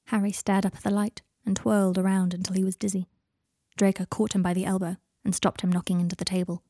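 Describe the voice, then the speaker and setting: A woman narrating fiction aloud in a soft, even voice, dropping to whispers on speech tags. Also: mid-range voice, fast, dry recording, studio quality. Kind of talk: audiobook fiction reading.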